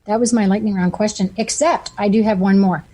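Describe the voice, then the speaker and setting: A woman's voice: medium pitch, steady tone, fairly quick, mellow. A woman hosting a radio talk show and coaching, who talks with enthusiasm and keeps affirming her guest. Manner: enthusiastic, frequent affirming interjections.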